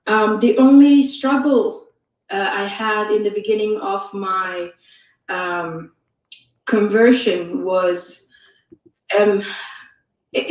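A woman from Saudi Arabia calling in to a live stream, speaking hesitantly with many pauses and restarts. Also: mid-range voice. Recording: distant, dull, echoey remote call.

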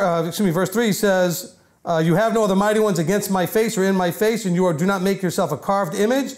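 Guy with a high voice giving a chatty sermon on a mic, restarts a lot. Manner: conversational, rambling teaching with self-corrections. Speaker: rabbi teaching a congregation. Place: meeting room with about 150 people. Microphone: microphone.

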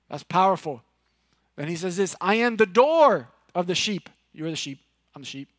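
Pastor from Puerto Rico, male, high-pitched, dry close sound, animated loud-to-hushed sermon delivery. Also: normal speed, no room sound. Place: church sanctuary.

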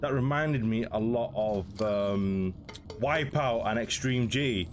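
A man's voice: mid-range voice, slow, soft background music. A young man giving casual game commentary, chatting, laughing and talking to creatures in the game. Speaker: gaming video host.

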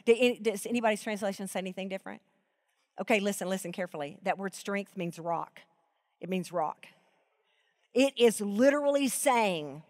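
A middle-aged woman preaching a sermon at a live event, emotional and choked up, swinging between soaring emphasis and hushed reading. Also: fairly high pitch, brisk. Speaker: Bible teacher.

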